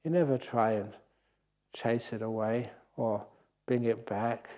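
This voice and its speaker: An older man giving a gentle, unhurried meditation talk with playful asides, as a meditation teacher on retreat. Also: mid-range voice, fairly even intonation. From England. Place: meditation hall at a retreat centre.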